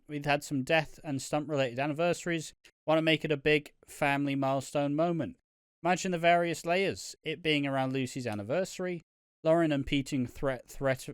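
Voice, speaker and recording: A man co-hosting a casual podcast, reading out viewer comments in a relaxed, sweary way. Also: mid-range voice, smooth, no echo, clean studio sound. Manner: relaxed, swears casually, reads aloud at a quick clip. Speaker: podcast co-host.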